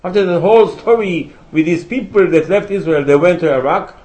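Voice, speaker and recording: A man's voice: high voice, brisk, a little mellow, rough recording. A man teaching a religious class, asking rhetorical questions and quoting Hebrew sources with emphasis. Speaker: rabbi teaching a Torah class. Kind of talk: religious lecture.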